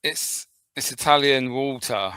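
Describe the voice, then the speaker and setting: Bright-toned man chatting casually. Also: medium pitch, unhurried, clean tone, dry recording. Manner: jokey, laughs often, swears freely. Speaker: podcast co-host. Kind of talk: casual chat.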